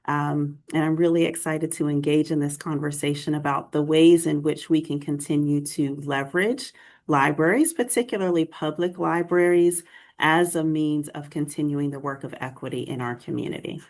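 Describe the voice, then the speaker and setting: Deep-voiced woman panelist. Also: fairly even intonation, normal speed, darkish tone. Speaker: library panelist. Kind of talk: panel discussion remarks.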